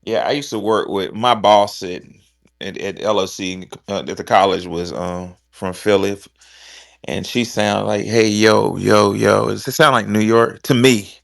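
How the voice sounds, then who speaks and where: Laid-back low-voiced male podcast host. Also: moderate pace, creaky, dry recording, studio quality. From American South. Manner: loose, profane storytelling. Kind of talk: casual chat.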